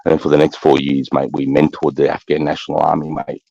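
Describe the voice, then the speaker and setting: Gravelly deep-voiced Australian army veteran. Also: male voice, little pitch movement, fast, dark tone, no room sound. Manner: blunt, profane, keeps saying mate. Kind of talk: casual war storytelling. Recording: dull muffled recording.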